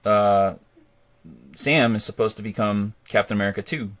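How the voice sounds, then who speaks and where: Excitable rambling man hosting a podcast. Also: lowish voice, moderate pace. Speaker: podcast host. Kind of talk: casual chat about a movie.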